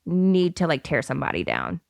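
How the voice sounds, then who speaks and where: A woman in her thirties co-hosting a casual podcast, bubbly and prone to giggling as she rambles. Her voice sits a little low but leaps all over in pitch. The sound is close and dry, with no room in it. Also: huge pitch swings, fairly quick, gravelly, no echo. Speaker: podcast co-host. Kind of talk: casual chat.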